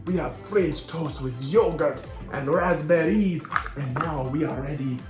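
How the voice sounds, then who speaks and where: A man hosting a children's cooking demonstration, talking very slowly and playfully with mock-French asides. His voice sits at an ordinary middle pitch. The room is echoey, with faint music underneath. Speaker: children's show host.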